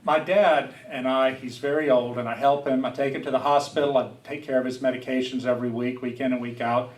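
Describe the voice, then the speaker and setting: A middle-aged public speaker from south Louisiana gives a personal, reflective lecture in a roomy hall, standing well away from the mic. His mid-range voice is earnest with fairly even intonation and a slightly fast pace, and he sometimes restarts sentences.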